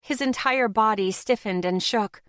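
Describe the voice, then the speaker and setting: A woman reading a first-person audiobook in a steady, expressive way. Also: a little high, unhurried, dry recording, clean studio sound. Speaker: audiobook narrator.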